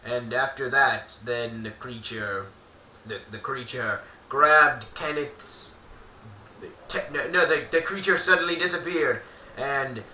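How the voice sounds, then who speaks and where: A man's voice: mid-range voice, takes it slowly, heavy background noise. A man telling an improvised story in a playful, rambling way, often correcting himself mid-sentence. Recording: roomy echo, distant mic.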